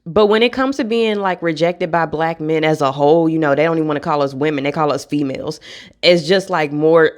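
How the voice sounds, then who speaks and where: A young woman, speaking bluntly and with frustration in a candid vlog rant, swearing freely. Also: low-pitched. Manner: blunt, frustrated, profane, laughs between points. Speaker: vlogger.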